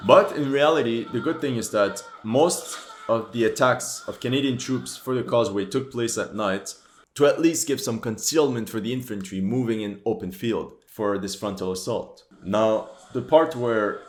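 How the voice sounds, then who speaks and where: A man's voice: medium pitch, moderate pace, slight background noise. A man hosting a history channel, giving movie reaction commentary with critical, exasperated outbursts. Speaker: history channel host reacting to a war film. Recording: roomy echo.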